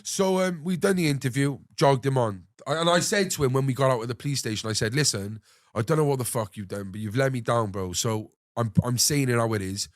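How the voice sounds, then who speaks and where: A young man hosting a podcast, telling an animated story full of swearing and acting out what others said. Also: medium pitch, a little fast, no echo, studio quality. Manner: animated anecdote-telling, swears freely, acts out others' lines. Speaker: podcast host. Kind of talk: casual storytelling chat.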